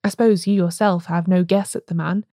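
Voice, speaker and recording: A woman's voice: fairly low pitch, steady tone, a little fast, dark tone, no room sound, studio quality, lightly acted. A woman reading a storybook, voicing a friendly male police inspector. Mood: amiable. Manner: friendly, easygoing.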